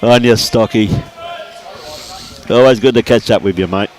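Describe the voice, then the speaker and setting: A man's voice: fairly low pitch, moderate pace. A man giving casual, laid-back bowls commentary, calling everyone mate and buddy. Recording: outdoors at a bowls green.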